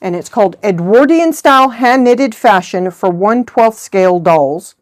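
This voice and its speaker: A woman's voice: mid-range voice, animated, measured pace. A middle-aged woman hosting a crafting vlog, chatting in a rambling, good-humored way. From United States. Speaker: host of a knitting channel. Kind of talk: casual chat.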